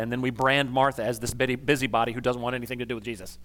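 A man preaching a conversational sermon as a pastor, casual and animated, with slangy asides. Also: medium pitch, fast, few pauses.

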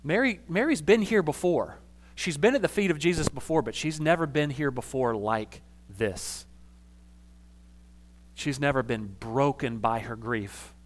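A man preaching a conversational sermon as a pastor, casual and animated, with slangy asides. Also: a little high, unhurried, a little hiss or hum.

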